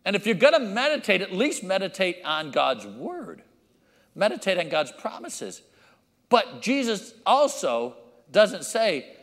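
A man preaching a sermon as pastor, acting out his children and church members with lively changes of voice. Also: high-pitched, measured pace, long reverb tail.

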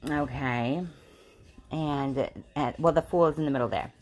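A woman's voice: low voice, measured pace, darkish tone. A woman giving a casual tarot reading, swearing and laughing as she rambles with many fillers. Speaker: tarot reader.

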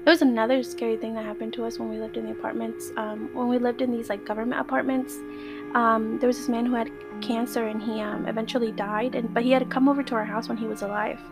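A woman, a guest, telling a true scary story in casual, slangy talk, excitable and now and then swearing or dropping into Spanish. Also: fairly high pitch, fast talker, music in the background.

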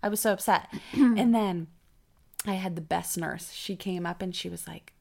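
A young woman chatting casually as a podcast co-host. She tells stories with animation and acts out the people in them. Her voice sits low, with a lot of vocal fry. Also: normal speed, darkish tone. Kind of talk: casual chat.

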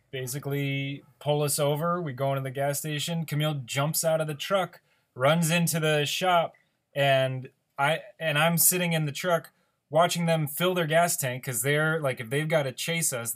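A young man tells a story in relaxed conversation, emphatic and full of slang. His voice sits a bit higher than most men's.

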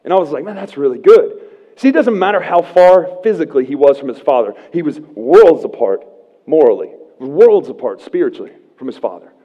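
A man in his thirties preaches in a church, his voice a little high for a man and very lively in pitch. He talks easily, with jokes, and keeps asking "right?" The sound is a little dull, with a long reverb from the sanctuary. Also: fairly quick. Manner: conversational and humorous, often asking "right?". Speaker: pastor. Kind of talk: sermon.

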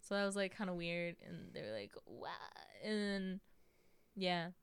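A woman's voice: fairly low pitch, animated, unhurried, clear, resonant tone, no echo. A young American woman chatting casually as a podcast host, telling stories with lots of "like" and "you know". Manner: acts out quotes in a raised voice. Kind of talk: casual chat.

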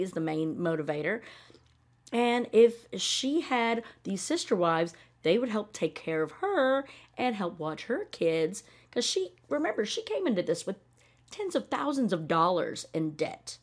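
A woman hosts a casual podcast, tearing into a TV show with sarcasm and swearing. Her voice sits a little low, and she breaks into mocking voices as she rants. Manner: opinionated, sarcastic, swears freely; animated, often acts out mocking voices. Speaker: podcast host reacting to a TV show. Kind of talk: casual reaction commentary.

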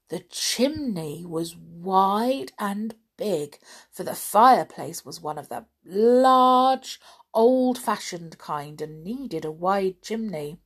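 An expressive woman reading a children's story. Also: mid-range voice, husky. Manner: expressive, chatting to young listeners.

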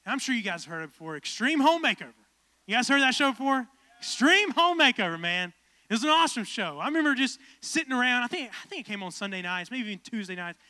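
A man in his twenties, a pastor telling a casual, animated story in a sermon that builds to fervent preaching. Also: high voice, fast, no echo. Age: 20s.

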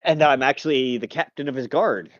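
A man's voice: mid-range voice, a little fast, no echo, dull audio, natural voice. A man playing a captured captain of a lord's guard, answering questions in a plain, matter-of-fact way.

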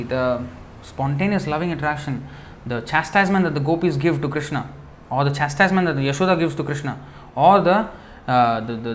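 Man, scripture class sermon, fairly high voice, chatty, explains word by word. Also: a bit bright, a little hiss or hum. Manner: conversational, asks rhetorical checks; explains word meanings while reading. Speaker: spiritual teacher.

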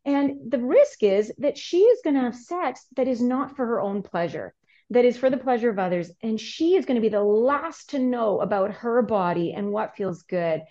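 A middle-aged woman speaking as a therapist guest on a podcast, explaining earnestly and growing animated when telling stories. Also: fairly high pitch, moderate pace, lo-fi sound. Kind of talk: podcast interview.

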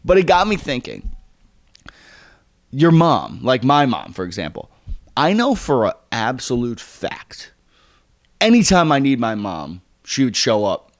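A young man co-hosting a casual podcast chat, telling a story in an animated way and acting out the voices of the people in it. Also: medium pitch, measured pace, pauses often, no room sound. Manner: animated, acts out quoted voices, swears freely. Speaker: podcast co-host.

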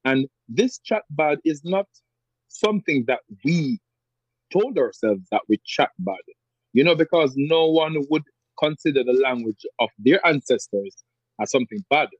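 A man's voice: on the high side, expressive, unhurried, slightly rough, dry recording, lo-fi sound. A man from Jamaica with a Jamaican accent, a podcast guest talking reflectively and repeating words as he searches for them. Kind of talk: conversational interview.

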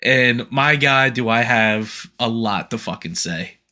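A man's voice: medium pitch, slow pace, bright, forceful tone. A man co-hosting a casual gaming podcast, blunt and opinionated, often restarting his sentences. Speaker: podcast co-host.

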